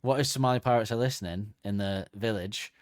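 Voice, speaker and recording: A man's voice: on the low side, a little fast, no room sound, studio quality. A man, co-hosting a comedy podcast in casual chat and slipping into silly voices. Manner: joking, slips into silly put-on voices. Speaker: podcast co-host.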